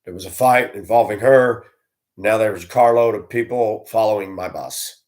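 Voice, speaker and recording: A man telling stories about his years as a school bus driver, blunt and animated, acting out the voices he quotes. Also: on the low side, normal speed. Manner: blunt, plain-spoken. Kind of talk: storytelling monologue.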